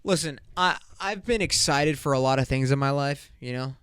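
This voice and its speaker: Young male solo podcaster, crude loose banter, smooth voice, dry recording. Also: medium pitch, moderate pace, no echo. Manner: loose, crude, rambling banter with bursts of excitement. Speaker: podcast host. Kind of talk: casual solo podcast rant.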